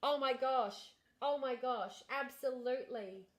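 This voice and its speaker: Aussie woman streaming from home, kinda high voice, chatty and blunt, swears a bit, desk mic. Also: a little slow, a little hiss or hum. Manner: chatty and frank, talks straight to viewers, swears casually. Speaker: livestreamer. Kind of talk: casual livestream chat. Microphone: desk streaming microphone.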